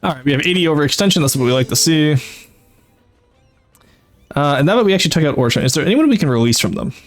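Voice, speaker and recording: A man's voice: on the high side, expressive, fast talker, soft background music. A man streaming a strategy game, casually thinking aloud and explaining his tactics with frequent "uh"s and self-corrections. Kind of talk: casual live-stream commentary.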